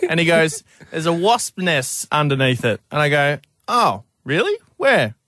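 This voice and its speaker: A man's voice: a little high, moderate pace, a bit bright, dry recording, studio quality. A young Australian man co-hosting breakfast radio, telling rambling stories with lots of laughs. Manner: rambling storyteller, laughs often. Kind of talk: casual radio banter.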